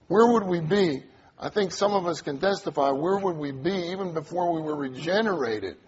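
A man's voice: a little high, expressive, normal speed, darkish tone. Earnest preacher man, lo-fi sound. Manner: earnest, repeats key phrases, call and response with congregation. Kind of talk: sermon.

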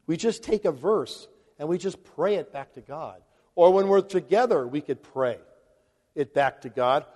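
A man's voice: on the high side, lively intonation, unhurried, a little mellow. A man preaching a conversational sermon to a large congregation, chuckling now and then between points. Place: large hall before a congregation. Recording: long hall reverb.

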